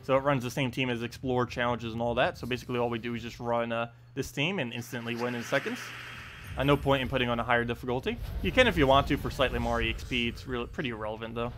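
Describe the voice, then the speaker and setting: A man's voice: mid-range voice, fast talker, fairly bright tone, soft background music. A young man streaming a video game, chatty and self-deprecating, laughing often. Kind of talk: casual live-stream commentary.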